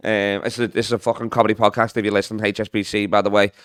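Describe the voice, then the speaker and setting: A man's voice: on the low side, little pitch movement, very fast, a bit bright, smooth, no room sound, studio quality. A young man with a Liverpool accent, a guest comedian telling rambling, swear-heavy stories in casual podcast chat. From Liverpool, England. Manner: rambling, swears a lot, laughs at his own stories.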